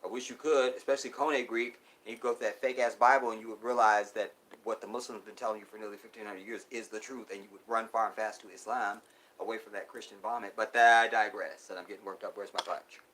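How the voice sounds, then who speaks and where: A man hosting a live stream, preaching to his viewers and calling them y'all, swinging from loud outbursts to near whispers. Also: fairly low pitch, fairly even intonation, fast talker. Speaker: livestream host.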